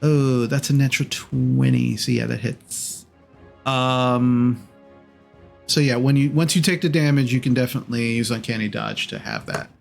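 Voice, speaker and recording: A man running a tabletop game as game master, narrating in an unhurried, rambling way with many ums and self-corrections. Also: mid-range voice, gravelly, soft background music.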